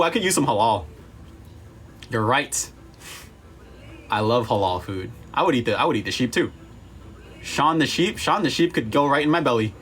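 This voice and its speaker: A man's voice: on the high side, a bit bright. A young man chatting casually to his viewers on a livestream, rambling, playful and swearing freely. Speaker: livestream host.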